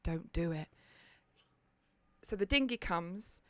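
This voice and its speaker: A woman's voice: on the low side, takes it slowly, no echo, studio quality. A woman in her thirties with a Northern English accent, telling a dramatic story in casual podcast chat. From England. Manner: animated, dramatic retelling with acted quotes. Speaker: podcast co-host. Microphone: studio mic.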